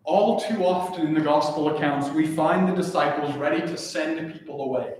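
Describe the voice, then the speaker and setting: A man's voice: a little high, moderate pace, few pauses, darkish tone, a little hiss or hum. Earnest preaching man, echoey church. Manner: earnest, emphatic preaching with repeated phrases. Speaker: pastor. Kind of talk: sermon. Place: church sanctuary. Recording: echoey church from a distant mic.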